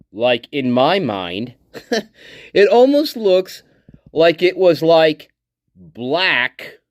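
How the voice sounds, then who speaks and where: A man's voice: high voice, no room sound, clean studio sound. A man hosting a casual livestream chat, joking around and laughing between lines, sometimes dropping to a whisper. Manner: drops into breathy whispers at times. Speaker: livestream host.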